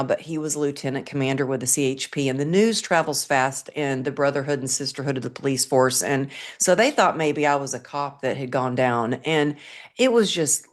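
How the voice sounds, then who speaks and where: A middle-aged woman, a guest on an interview show, telling a personal story in an earnest, vivid way. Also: sits low.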